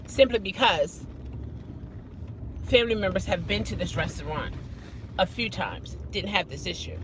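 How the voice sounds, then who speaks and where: A woman chatting casually as a vlogger, telling a story in an animated way and acting out quoted lines. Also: medium pitch, slight background noise, low-quality recording.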